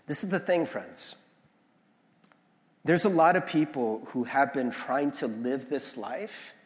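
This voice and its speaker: A man's voice: mid-range voice, slow pace. A male pastor giving a conversational sermon, often checking in with "right?" and acting out the voices he quotes. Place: church sanctuary. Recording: long hall reverb.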